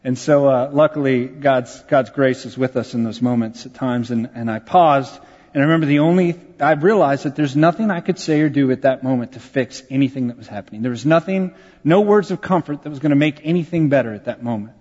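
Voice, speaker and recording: A man's voice: medium pitch, brisk, darkish tone, big-room sound, muffled recording. A man, a pastor telling a personal story in a conversational, self-deprecating sermon. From Texas, USA.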